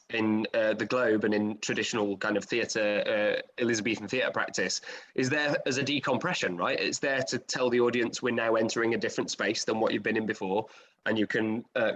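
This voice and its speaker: A man's voice: mid-range voice, a bit bright. A man hosting a casual post-show panel over a video call, chatty and self-deprecating, with many fillers. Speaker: host and director.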